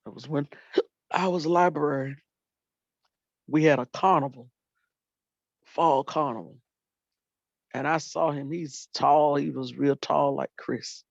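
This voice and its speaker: An older woman, a retired teacher and librarian, telling animated stories about her students in casual talk and acting out what people said. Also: low voice, gravelly, dry recording. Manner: animated storyteller, acts out quotes, folksy Southern phrasing. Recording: dull lo-fi dry sound.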